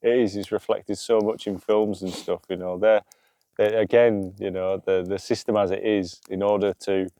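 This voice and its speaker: A man's voice: fairly low pitch, level tone, normal speed, dark tone, no echo. A man co-hosting a casual podcast outdoors by a campfire, talking earnestly about emotional healing, swearing freely and often adding "you know". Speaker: podcast co-host. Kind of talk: casual spiritual chat.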